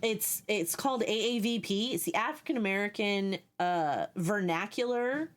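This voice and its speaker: A woman's voice: medium pitch, normal speed. Chatty woman streamer reading chat. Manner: chatty, explains at length while reading chat. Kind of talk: casual live-stream chat.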